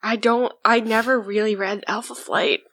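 A woman from Canada, a podcast guest chatting casually, relaxed and hesitant with fillers. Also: a little high, moderate pace, dry recording. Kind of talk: casual chat.

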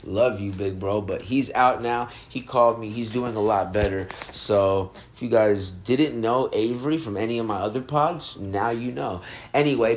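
A fairly low-pitched man speaking at a moderate pace chats casually on his podcast about music he's reviewing. Laid-back and stoned, he wanders off on tangents and laughs often.

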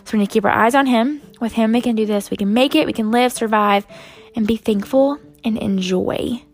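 A woman's voice: fairly high pitch, a little fast. A young woman sharing a casual faith devotional, rambling and earnest, with many fillers and direct "you guys" asides to her viewers. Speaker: Christian vlogger sharing a devotional.

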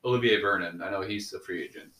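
Fast-talking bright-voiced man, echoey room. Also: low-pitched. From Cleveland. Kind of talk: casual chat with friends.

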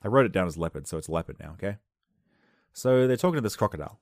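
A man doing a rambling comic monologue into a close microphone, wry and self-interrupting, with sudden loud outbursts. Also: fairly low pitch, expressive, rapid-fire, no room sound. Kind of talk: comedic podcast monologue. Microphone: close studio microphone.

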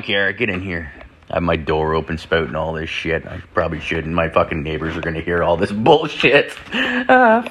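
Young dude drinking and rambling crude stories at home, lowish voice, says like constantly, swears a ton. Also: male voice, fairly bright tone. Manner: rambling, heavy filler "like", profane. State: drinking whiskey. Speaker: podcast host. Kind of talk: crude storytelling monologue. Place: home room with door open.

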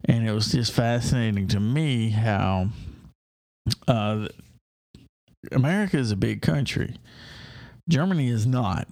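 A man's voice: mid-range voice, unhurried, pauses often, a little mellow, no echo. A man talking casually in a rambling, enthusiastic monologue, full of hesitations and restarts.

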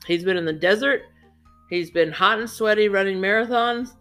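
A woman co-hosting a casual movie review, chatty and expressive, laughing often. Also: mid-range voice, moderate pace, faint music behind. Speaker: podcast co-host.

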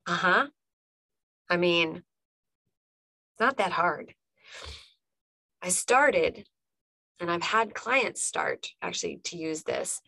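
A woman's voice: lowish voice, very animated, slow, pauses often, bright, forceful tone, dry recording. Woman life coach pumping up her listeners, punchy repeated lines, dry sound. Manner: emphatic, repeats punchy phrases, talks straight to the listener. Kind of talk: motivational podcast monologue.

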